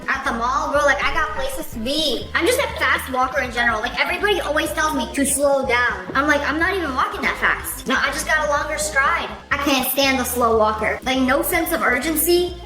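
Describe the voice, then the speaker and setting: A woman's voice: sits high, roomy sound. A woman hosting a reaction video, chatting casually with playful sarcasm.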